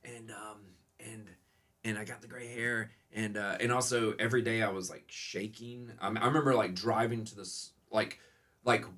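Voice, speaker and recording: A man who owns a restaurant, telling stories as a guest in a casual podcast interview. He talks a lot, in a lively way, and laughs often. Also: on the low side, normal speed. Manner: animated, laughing, self-described talker.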